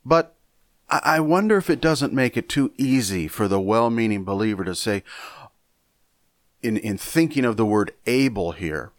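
A man teaching a Bible lesson in a measured, deliberate way, often repeating a word as he thinks. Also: fairly low pitch, animated, dry recording, clean studio sound. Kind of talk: sermon lesson.

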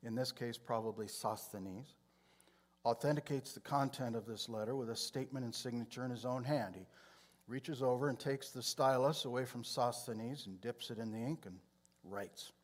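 Male preacher, mid pitch, measured Bible teaching, clears throat often. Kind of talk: sermon.

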